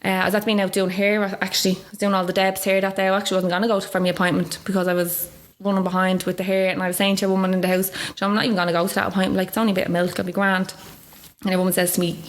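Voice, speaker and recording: A woman's voice: medium pitch, little pitch movement, very fast. A woman in her thirties with a Dublin Irish accent, telling her story in a chatty interview, full of "like" and quoted dialogue. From Ireland. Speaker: guest.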